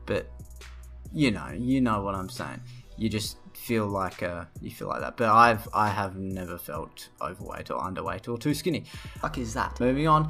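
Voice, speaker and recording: A young man with a fairly low voice rants through a vlog, sarcastic and rambling. He swears freely as he reacts to what he reads, and faint music plays behind him. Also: unhurried, vocal fry, pushed and bright. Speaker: vlogger. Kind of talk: profane reaction rant.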